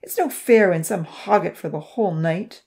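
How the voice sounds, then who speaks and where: A woman voicing a bossy, loud boy character in a storybook reading, growling and forceful. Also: on the low side, normal speed, creaky. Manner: growling, rising.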